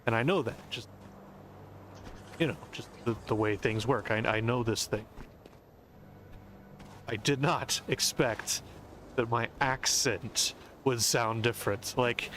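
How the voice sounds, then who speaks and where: A man's voice: mid-range voice, steady tone, takes it slowly, pauses often, fairly bright tone, a little hiss or hum. An American man streaming a game, rambling and musing as he explains things at length. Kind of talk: casual rambling commentary.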